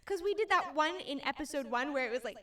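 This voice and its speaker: A young woman co-hosting a casual podcast, her voice high and bright in pitch. She tells stories in an animated, giggly way. She sits a little back from the mic, so she sounds slightly distant. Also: quick pace, slight background noise. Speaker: podcast co-host. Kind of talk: casual chat.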